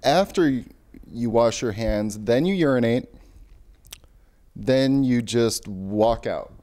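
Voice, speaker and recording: A young man delivering a deadpan, mock-serious rant, lecturing earnestly and pausing now and then to find his words. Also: medium pitch.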